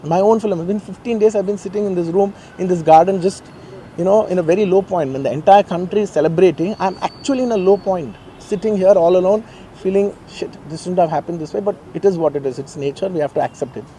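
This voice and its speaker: A man with an Indian English accent speaks quickly and earnestly in a press statement, repeating phrases to press his point. His voice sits a little high but sounds mellow and warm. Faint outdoor traffic hums behind him in a garden. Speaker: film actor giving a press statement.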